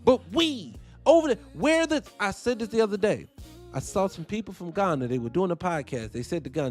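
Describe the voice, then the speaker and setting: A man hosts casual reaction commentary in a high, very lively voice. He swears freely and piles up rhetorical questions. Faint music plays behind him. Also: brisk. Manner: animated, profane, rhetorical questions. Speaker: host.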